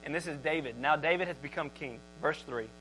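A man preaching to his church, his voice bright and a touch higher than most men's. He talks conversationally, then swells loud and emphatic when reading scripture, with a faint mains hum under the recording. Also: fairly quick, low-quality recording. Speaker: pastor. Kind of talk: sermon.

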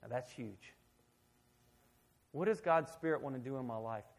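A man's voice: mid-range voice, moderate pace. A man in his thirties preaching a conversational sermon, asking his listeners questions along the way. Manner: conversational, animated, asks the audience questions. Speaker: pastor.

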